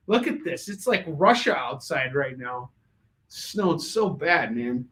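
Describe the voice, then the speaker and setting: A man hosting a live comic book sales show, pitching books with joking, rambling asides. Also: animated, takes it slowly, fairly bright tone. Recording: echoey room.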